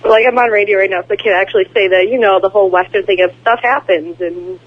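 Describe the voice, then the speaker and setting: A woman's voice: mid-range voice, steady tone, fast talker. A woman in her twenties from Wisconsin with an Upper Midwest American accent, calling in to a radio show in a friendly, easygoing way. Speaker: radio caller. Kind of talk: casual phone-in chat. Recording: tinny phone line.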